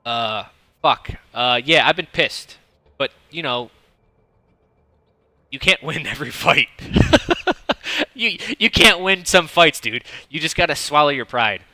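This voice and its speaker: Bright, blunt man in his thirties. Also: a little high, unhurried, dry recording. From United States (Detroit). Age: 30s. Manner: profane, rambling, blunt advice; self-described monotone delivery. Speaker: streamer coaching a viewer. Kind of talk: casual coaching commentary.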